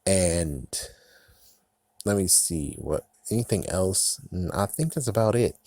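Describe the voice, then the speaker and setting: A man's voice: sits low, lively intonation, a little slow, a little mellow, dry recording. A man casually recapping and reviewing a TV episode, sarcastic and profane, often breaking into laughs.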